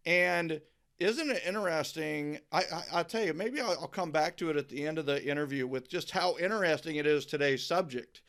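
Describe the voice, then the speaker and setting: A man's voice: a little high, fairly quick, fairly bright tone. A middle-aged man hosting a podcast interview, talking emphatically and often repeating words as he starts a thought. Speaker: podcast host. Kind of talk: enthusiastic interview chat.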